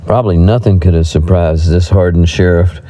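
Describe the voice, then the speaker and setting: Man reading a western audiobook, very dark and mellow, deep voice, measured. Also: fairly even intonation, low-quality recording. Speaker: audiobook narrator.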